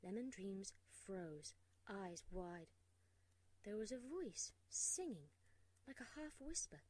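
A woman narrating a storybook aloud, expressive and hushed in tense moments. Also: medium pitch, takes it slowly, low-quality recording.

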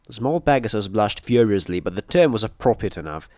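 Male storyteller, steady measured read, lowish voice, dry close recording. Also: no echo. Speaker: audiobook narrator. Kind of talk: first-person story narration.

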